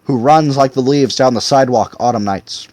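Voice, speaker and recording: A man voicing a quiet, reflective older man. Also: mid-range voice, moderate pace, faint music behind, close to an everyday voice.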